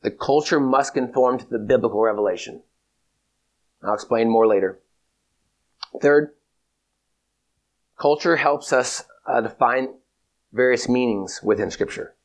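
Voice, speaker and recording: Man teaching a measured theology lecture. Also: mid-range voice. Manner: measured, emphatic, repeats key points.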